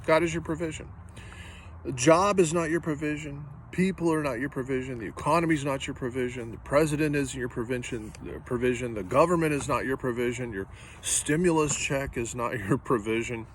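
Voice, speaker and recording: A man's voice: medium pitch, slight background noise. A man preaching a sermon as pastor, earnest and direct, driving points home with repetition.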